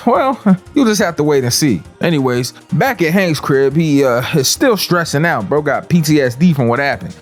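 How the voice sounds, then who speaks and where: A man narrating a comedic TV recap, slangy, rambling and joking. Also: fairly high pitch. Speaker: show recap host.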